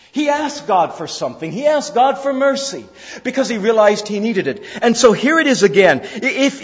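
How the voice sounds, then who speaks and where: Male pastor, high lively voice, earnest emphatic preaching, long reverb, dull sound. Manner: earnest, repetitive preaching with rising emphatic calls. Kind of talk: sermon. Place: church service. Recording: roomy hall, slightly dull sound.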